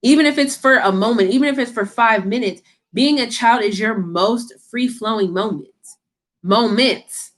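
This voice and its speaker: A woman's voice: a little high, normal speed. A woman giving a casual tarot reading to camera, talking in a blunt, slangy, scolding way and swearing freely. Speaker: tarot reader.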